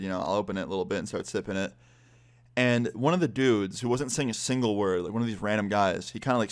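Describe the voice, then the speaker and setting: A young man telling a personal story in casual, swear-heavy talk full of "like.". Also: fairly low pitch. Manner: swears a lot, fast conversational storytelling full of "like". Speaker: vlogger.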